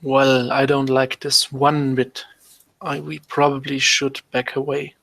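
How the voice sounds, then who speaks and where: A man playing a tabletop role-playing game, speaking in character in a cautious, measured way. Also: mid-range voice, monotone, creaky, bright, forceful tone, dry recording, poor audio. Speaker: player.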